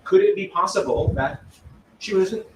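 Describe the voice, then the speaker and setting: Guy attorney grilling a witness, kinda high voice, distant mic, loud background noise. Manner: pressing, rapid questioning, demands yes or no. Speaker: attorney cross-examining a witness. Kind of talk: courtroom cross-examination. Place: courtroom. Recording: echoey, distant, noisy courtroom audio.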